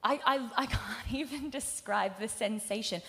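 A young woman giving a candid, halting personal faith testimony to a live audience, full of fillers and acted-out quotes of her own past words. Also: fairly high pitch, sharp tone. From Australia. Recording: live event hall reverb.

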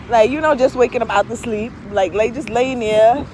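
Young woman, candid vlog storyteller, swears and laughs, voice swings high to low, faint traffic outside. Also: measured pace, a little mellow. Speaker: vlogger. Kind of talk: candid casual storytelling to camera.

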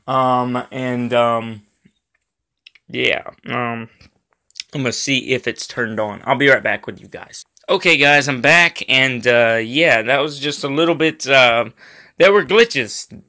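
A man's voice: medium pitch, slow, bright, forceful tone. A man giving casual gameplay commentary as a video host, rambling with frequent ums and uhs and getting irritated at lag. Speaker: gaming YouTuber.

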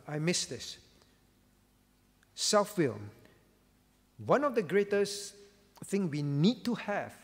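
A male pastor delivers an earnest sermon, pressing each point by repeating key words. His voice sits fairly high. A long reverb trails his words through the church hall. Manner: earnest, emphatic preaching with repeated key phrases.

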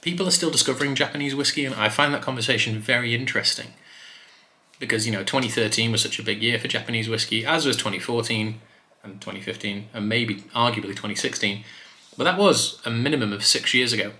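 A man casually reviewing a whisky for his video channel, chatty and relaxed with loose fillers. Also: medium pitch, fast talker. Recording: roomy echo.

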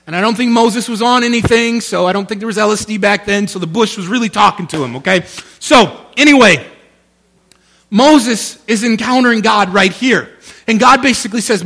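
A male pastor preaching a sermon in an animated, conversational way, often checking in with his listeners. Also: sits high, normal speed, vocal fry.

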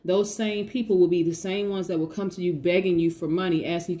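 A woman giving a lively tarot reading, talking casually to her viewers and hyping them up with affirmations. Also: on the low side, brisk. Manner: lively, hypes viewers with call-and-response affirmations; casual, says y'all, laughs often. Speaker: tarot reader. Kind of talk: energetic motivational tarot reading.

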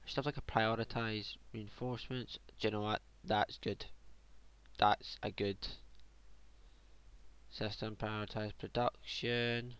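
A man commentates his own strategy game in a loose, casual way. He mutters to himself, cracks jokes and swears freely, in a voice that sits on the low side. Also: level tone, measured pace, a bit bright, smooth. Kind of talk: casual let's play commentary.

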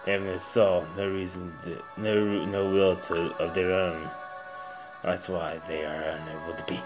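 A man voicing a stern older-brother prince in a video game, low and measured. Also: little pitch movement, muffled recording, over music. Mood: solemn. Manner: low, measured, solemn storytelling.

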